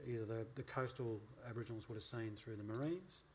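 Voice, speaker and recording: A man interviewing authors, asking measured questions with hesitations. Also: fairly low pitch, darkish tone, a little hiss or hum. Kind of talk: conversational interview.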